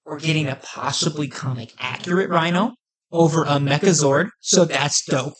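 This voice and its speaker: A man co-hosting a casual fan podcast, talking with excited, animated energy. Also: on the high side, moderate pace. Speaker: podcast co-host. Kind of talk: casual chat.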